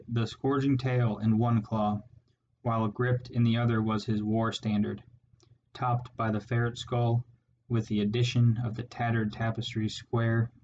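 A man reading a storybook aloud as narrator, steady and measured. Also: medium pitch, highs cut off, a little hiss or hum. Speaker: audiobook narrator.

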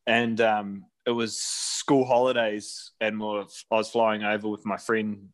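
A man's voice: on the low side, flat delivery, measured pace. A man in his thirties from New Zealand, casually telling a travel story with lots of fillers and restarts.

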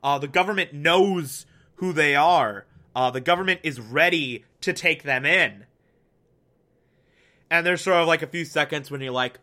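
A man giving a casual, animated TV episode recap, full of fillers and swearing, acting out characters' lines as he goes. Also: fairly high pitch, unhurried. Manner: animated, swears, many fillers, acts out quotes. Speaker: TV show reviewer.

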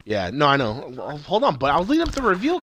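A man's voice: on the high side, huge pitch swings, quick pace, fairly bright tone. A man co-hosting a casual podcast, recapping a TV episode with lots of swearing and acted-out quotes. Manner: swears often, retells scenes in acted quotes. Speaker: podcast co-host.

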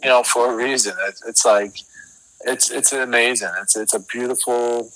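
A man's voice: mid-range voice, normal speed, rough recording. A middle-aged man, an interview guest, telling a rambling story with lots of fillers. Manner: rambling, filler-heavy, animated retelling. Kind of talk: casual storytelling.

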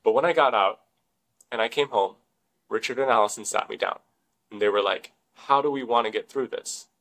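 A man's voice: mid-range voice, brisk, fairly bright tone, low-quality recording. Young man musing in a rambling way. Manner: rambling, frequent "like" fillers and swearing. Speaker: podcast co-host. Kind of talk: casual podcast talk.

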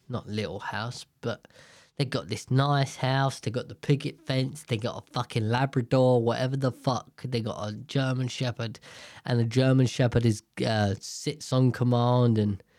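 A man's voice: medium pitch, darkish tone, no echo, clean studio sound. A young man talking alone in a casual, rambling monologue, swearing often and breaking off his own sentences. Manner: rambling, swears a lot, self-interrupting. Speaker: solo podcaster.

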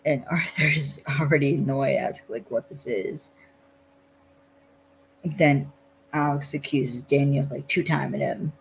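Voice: medium pitch, steady tone, unhurried, creaky, long pauses, slight background noise, low-quality recording. A podcast host casually recapping a TV episode, loose and rambling with lots of "like" and some blunt swearing.

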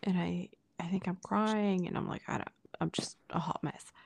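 Very gravelly, husky woman's voice. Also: on the low side, fairly even intonation, normal speed. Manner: often drops into a breathy near-whisper; quotes others in dialogue with many fillers. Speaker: podcast co-host. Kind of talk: casual personal storytelling.

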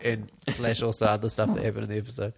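Low-voiced guy with some fry, jokey podcast chat, keeps laughing. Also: monotone, quick pace. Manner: laughs often, quotes characters in a mocking voice. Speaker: podcast co-host. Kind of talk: casual chat recapping a TV episode.

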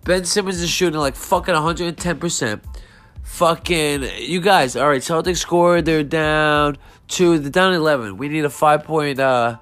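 A man's voice: a little high, normal speed, a bit bright, faint music behind. A man with a stuffy nose hosting a sports betting podcast, reacting to a game and apologizing, frustrated and profane. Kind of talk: live reaction and apology monologue.

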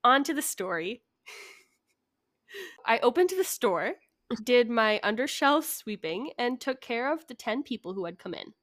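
A woman's voice: fairly high pitch, very animated, a little slow, a bit bright, no room sound, studio quality. Giggly young woman reading a story. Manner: giggly, reads stories with asides. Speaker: podcast co-host. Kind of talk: casual chat and story reading.

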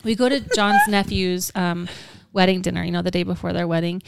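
A woman's voice: on the low side, steady tone, brisk, vocal fry, clear, resonant tone, dry recording, studio quality. A woman co-hosting a podcast in casual chat, a giggly storyteller who fills her talk with "like". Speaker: podcast co-host.

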